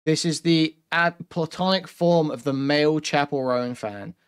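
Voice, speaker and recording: A man's voice: on the high side, a little slow, clear, resonant tone. A man hosting a commentary channel, making sarcastic, mocking remarks over a stream clip. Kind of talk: casual commentary chat.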